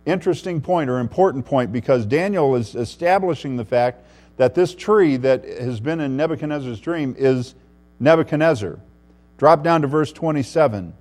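Male pastor, sermon, mid-pitched voice, swings between loud and hushed, faint mains hum. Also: normal speed. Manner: preaching with wide swings in loudness, dropping to a hushed voice for emphasis. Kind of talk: expository sermon.

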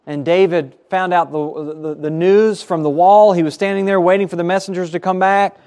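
A man's voice: sits high, fairly even intonation, normal speed, a little mellow, smooth. A man preaching a sermon as pastor, earnest, his voice rising and falling for emphasis, at times repeating words.

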